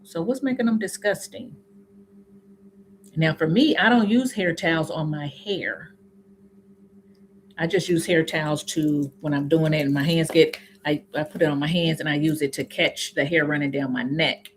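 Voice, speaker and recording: A woman with a Southern US accent, chatting casually with viewers on a live stream, reading comments aloud and answering them with sudden high, laughing exclamations. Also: moderate pace, a little hiss or hum. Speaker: YouTube host answering live chat.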